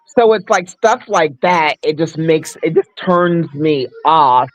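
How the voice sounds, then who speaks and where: A woman's voice: deep voice, slow pace, no echo, lo-fi sound. Woman, livestream host, casual chat, frank, rambling, dry close sound. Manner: frank, rambling, with many restarts. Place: abroad, away from home.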